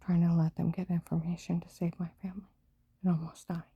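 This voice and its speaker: A woman vlogging in a rambling personal monologue, mostly in an unvoiced whisper with sudden louder outbursts, telling her story in urgent run-on bursts. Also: lowish voice, level tone, quick pace, breathy edge, no echo.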